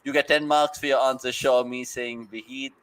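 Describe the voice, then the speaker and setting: A man hosting a casual cricket watchalong from home over a video call, reading viewer comments aloud in quick, upbeat banter. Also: medium pitch, fairly even intonation, fairly bright tone, poor audio. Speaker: watchalong host.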